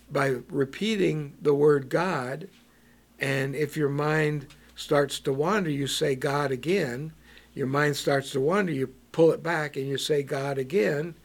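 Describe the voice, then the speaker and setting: A man preaching a bible teaching, slow and halting, with many ums and repeated words. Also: a little high.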